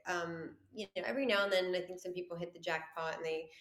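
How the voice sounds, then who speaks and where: A woman's voice: fairly low pitch, steady tone, fast, a bit bright, roomy sound. A woman guest, a business owner, speaking candidly and earnestly in a casual interview. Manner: candid and earnest, many fillers.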